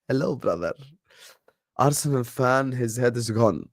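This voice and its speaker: A man's voice: mid-range voice, animated, unhurried, pauses often, no room sound, clean studio sound. A young man hosting a live football stream, emphatic and repetitive, addressing viewers directly in slang. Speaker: football channel host. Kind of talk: live-stream commentary and chat.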